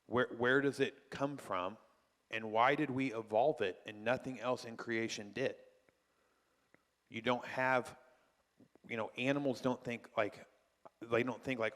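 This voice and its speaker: A man's voice: mid-range voice, steady tone, measured pace, pauses often, fairly bright tone, big-room sound. A male pastor teaching a church class in a conversational way, full of rhetorical questions. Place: church hall.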